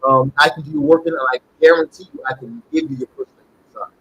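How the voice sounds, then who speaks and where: A man's voice: on the high side, fairly even intonation, fast talker, fairly bright tone, dull audio, a little hiss or hum. A man who calls himself a shaman, talking casually to camera. He rambles, repeats himself, and keeps checking in with "okay?". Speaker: self-styled shaman and spiritual reader. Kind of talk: casual direct-to-camera pitch.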